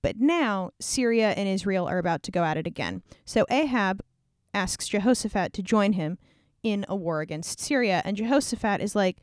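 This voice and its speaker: A woman's voice: medium pitch, lively intonation, normal speed, no room sound, studio quality. A woman casually retelling an old scripture story in a slangy, irreverent way, peppered with "like". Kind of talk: casual comedic Bible retelling.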